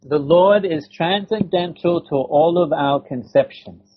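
Husky male lecturer, paced phrases. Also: fairly high pitch. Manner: measured, explanatory, rhetorical questions. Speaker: spiritual lecturer. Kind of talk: sermon in short phrases paused for interpretation. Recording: dull lo-fi recording.

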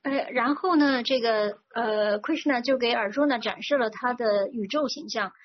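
At a moderate pace and a slightly high pitch, a woman interprets a religious talk consecutively, one phrase after another. Fluent overall, she often uses fillers; the recording is dull and lo-fi, with a touch of noise.

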